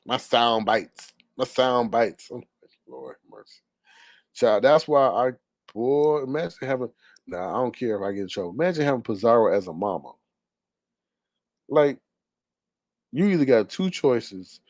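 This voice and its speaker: A man's voice: medium pitch, darkish tone, no room sound. Sassy, gossipy man with dry sound. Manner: sassy, gossipy, laughing asides. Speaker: commentary vlogger. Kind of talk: casual commentary.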